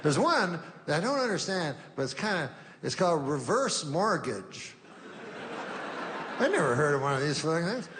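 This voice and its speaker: Laughter from the audience follows a man's rambling, deadpan club set, delivered into a handheld mic and sprinkled with folksy asides. His pitch is fairly high, and he keeps a moderate pace.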